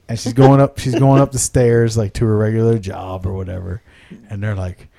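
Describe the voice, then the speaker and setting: A man's voice: fairly low pitch, normal speed, creaky, dark tone. A man chatting casually as a podcast co-host, rambling through silly made-up stories, often laughing at himself. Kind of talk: casual chat.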